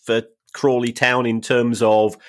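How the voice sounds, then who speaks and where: A man's voice: mid-range voice, flat delivery, measured pace. A man co-hosting a football finance podcast, talking casually and drily with frequent hesitations and repeated words. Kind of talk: casual chat.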